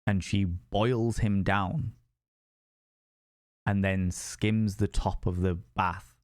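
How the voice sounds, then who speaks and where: A man's voice: deep voice, fairly even intonation, extremely slow, darkish tone, no echo, clean studio sound. A man telling a ghost story on a live stream, sweary and rambling.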